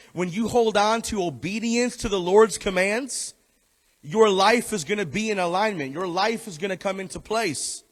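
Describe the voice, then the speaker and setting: A man preaching in a fairly high voice, hammering home his points with repeated phrases and at times easing into a low, gentle appeal. His voice rings through a long reverb, as if filling a large hall. He switches between reading scripture and speaking straight to the congregation. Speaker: pastor. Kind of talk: sermon. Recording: echoey hall.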